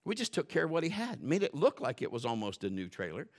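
A male pastor preaching a sermon in a folksy, joking way, dropping to quiet asides and building to loud, fervent stretches. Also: on the high side, huge pitch swings, fast. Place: church.

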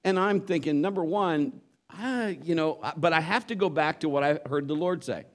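A man delivering a sermon in a storytelling way. His voice sits a bit high for a man, and he slips in and out of the voices of the people in his story. He moves between relaxed asides and scripture. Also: moderate pace. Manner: animated storyteller acting out voices. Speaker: pastor.

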